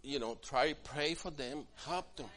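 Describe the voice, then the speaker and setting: A man preaching a sermon as pastor, swinging from quiet asides to loud, emphatic passages and acting out what church members say. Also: fairly high pitch, a little slow. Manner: acts out quoted church members in different voices.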